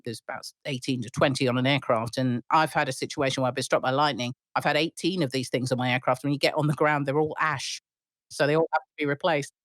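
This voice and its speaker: A middle-aged woman airline pilot telling stories in an interview, animated, with frequent restarts and laughs. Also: rumbling low, dry recording, studio quality. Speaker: airline pilot, podcast guest. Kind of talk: storytelling interview.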